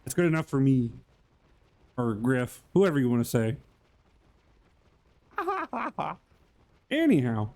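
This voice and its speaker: A man's voice: medium pitch, very animated, takes it slowly, long pauses, darkish tone. A man streaming live and hosting his channel, chatting casually in a rambling, goofy way and greeting viewers by name.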